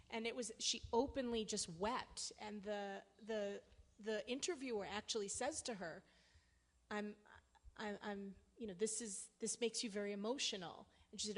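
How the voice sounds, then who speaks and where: A woman moderates a panel discussion at a middle pitch. She talks conversationally and keeps circling back and restarting her sentences. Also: moderate pace. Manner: conversational, many restarts and fillers. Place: lecture hall.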